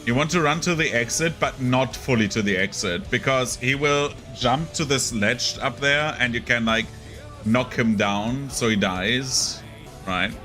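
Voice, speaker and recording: Young man, gaming commentary, chatty and rambling, bright voice, mid pitch, faint music behind. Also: a little slow. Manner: rambling, chatty, frequent "like" fillers. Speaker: gaming streamer. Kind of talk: casual gameplay commentary.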